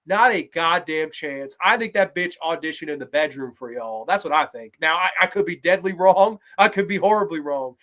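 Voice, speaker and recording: A woman in her thirties hosting a horror movie review show, ranting with heavy profanity and sarcasm, swinging between low mutters and sudden shouts. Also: lively intonation, moderate pace, hardly any pauses. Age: 30s.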